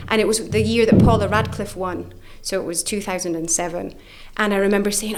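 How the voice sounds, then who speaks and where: A middle-aged woman, an author and coach, telling stories in an interview with lively, acted-out quoted voices. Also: quick pace, hardly any pauses. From United Kingdom. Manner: animated, acts out quoted voices with big pitch jumps.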